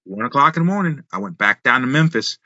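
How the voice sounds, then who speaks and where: A man, a former wrestler, telling road stories in an animated way on a podcast, full of restarts and quoted dialogue. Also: mid-range voice, fast, dry recording, muffled recording. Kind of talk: casual storytelling in a podcast interview.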